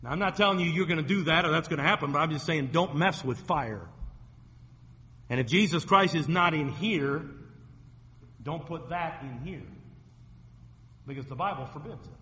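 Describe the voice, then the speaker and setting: A man's voice: a little high, lively intonation, moderate pace, pauses often, sharp tone, big-room sound, slight background noise. A man preaching a sermon as a pastor, retelling scripture stories vividly and acting out the quoted voices.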